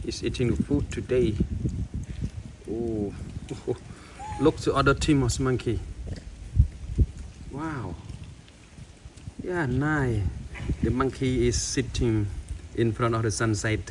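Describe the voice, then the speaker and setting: A man with filming monkeys outdoors at sunset, chattering in excited, repetitive exclamations. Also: mid-range voice. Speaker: wildlife vlogger filming monkeys. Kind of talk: casual live commentary while filming. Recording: distant outdoor camera audio with noise.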